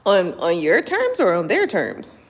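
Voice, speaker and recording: Woman, casual live chat, blunt and profane, lively swinging pitch, long hall reverb. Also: measured pace, slightly rough. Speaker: tarot reader. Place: indoors at home at night.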